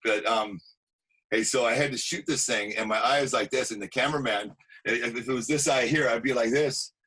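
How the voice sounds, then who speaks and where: A man, an actor and stuntman, telling animated anecdotes in a casual interview, acting out quotes. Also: mid-range voice, a little fast, breathy edge, low-quality recording.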